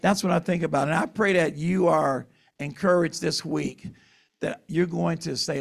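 A man's voice: on the high side, normal speed, vocal fry. A man preaching a sermon in an earnest, emotional, emphatic way.

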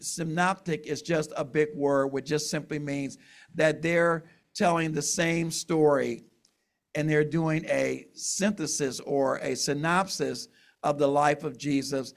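Gravelly-voiced man preaching a sermon. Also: a little high. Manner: conversational, explains terms, asides while reading. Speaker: pastor. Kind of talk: sermon with scripture reading.

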